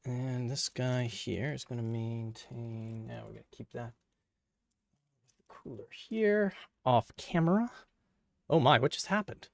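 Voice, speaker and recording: A man's voice: medium pitch, a little slow, creaky, pauses often, dry recording, studio quality. A man giving casual, playful running commentary while he works, joking with viewers and talking to himself. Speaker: PC hardware video creator.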